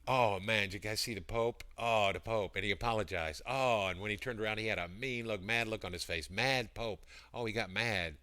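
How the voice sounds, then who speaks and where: A man hosts a loose livestream from his computer mic, chatting and pitching his products between greetings to viewers. His voice is deep yet bright and clear, with a rambling, friendly flow. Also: fairly quick, few pauses. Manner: rambling, greets chat viewers by name, breaks into sung jingles. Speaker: livestream seller. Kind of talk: casual livestream chat.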